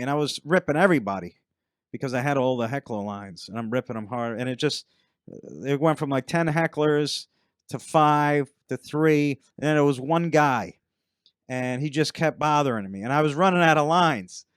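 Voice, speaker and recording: A man's voice: fairly high pitch, smooth, dry recording, clean studio sound. A middle-aged man, a stand-up comedian, telling long rambling anecdotes in a casual chat and acting out other people's lines. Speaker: stand-up comedian, podcast guest.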